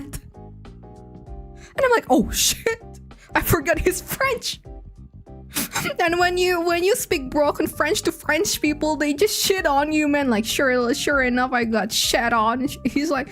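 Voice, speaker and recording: A woman's voice: sits high, lively intonation, takes it slowly, faint music behind. A young woman chatting casually on a stream, playful and joking, with a giggly, rambling delivery. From Indonesia. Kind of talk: casual chat.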